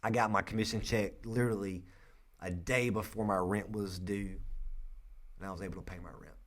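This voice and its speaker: A young man with a North Carolina accent, a real estate agent telling a personal story in an earnest, halting way. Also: on the low side, fairly even intonation, fairly bright tone. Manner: earnest, emotional, halting with frequent restarts.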